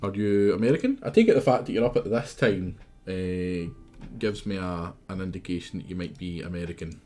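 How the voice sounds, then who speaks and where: A man's voice: low voice, expressive, fairly quick, warm tone. A Scottish man streaming a game live, chatting and teasing his viewers in a casual, chatty way.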